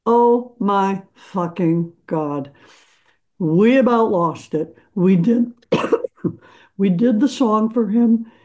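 A woman's voice: medium pitch, warm tone. An older woman, a musician, earnestly recounting a painful memory in an interview. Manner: earnest, emotional, deliberate recounting. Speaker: musician guest. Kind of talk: personal storytelling interview.

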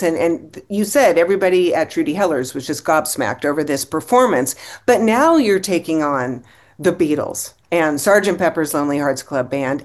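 Host, woman, lowish pitch, eager interviewer, gropes for words at times. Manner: enthusiastic, searching for words. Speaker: podcast host.

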